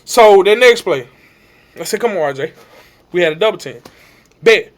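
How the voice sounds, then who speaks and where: A young man with a drawl recounts a personal story. His high voice swings widely, jumping up into cries and dropping low again. He acts out every shout and every line from the coaches. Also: expressive, normal speed. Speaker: vlogger telling his injury story. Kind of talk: emotional storytelling to camera.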